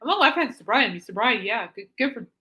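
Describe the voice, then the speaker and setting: A woman's voice: a little high, expressive, very fast, sharp tone. A woman hosting a casual podcast, reading music articles aloud and adding amused, giggly comments, snorting when she laughs. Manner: reads aloud then comments with amused asides. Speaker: podcast host.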